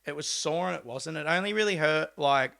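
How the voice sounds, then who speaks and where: A young Australian man, a pro mountain biker, telling a story in a casual, animated way, acting out quotes with laid-back slang and swearing. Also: on the high side, a little fast, vocal fry. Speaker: podcast guest, pro mountain bike rider.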